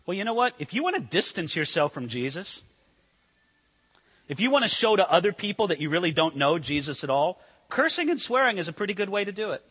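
A man preaching a sermon, swinging between loud emphasis and hushed intensity. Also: sits high, big pitch swings, a little fast, husky, big-room sound. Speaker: pastor.

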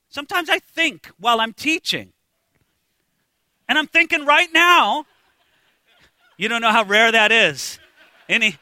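Animated, high-voiced male preacher. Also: smooth, no room sound. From United States. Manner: animated, acts out quoted voices, swings from hushed to shouting. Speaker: pastor. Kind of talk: expository sermon.

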